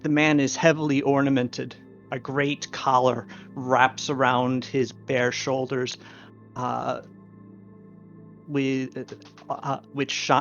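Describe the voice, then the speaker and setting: A man narrating a tabletop game as game master, slowly describing the scene with occasional fillers. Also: medium pitch. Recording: dull lo-fi recording.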